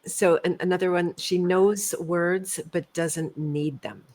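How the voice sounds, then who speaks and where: Reflective woman with a lowish voice. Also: fairly even intonation, slow pace, a little mellow. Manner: reflective, self-mocking storyteller with many restarts. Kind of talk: casual conversation.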